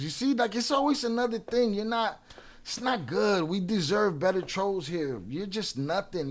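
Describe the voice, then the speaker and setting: A man hosting a live stream in casual chat. He trash-talks trolls with a lot of swearing and gives quick shout-outs full of restarts. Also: high voice. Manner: profane and combative, trash-talking trolls.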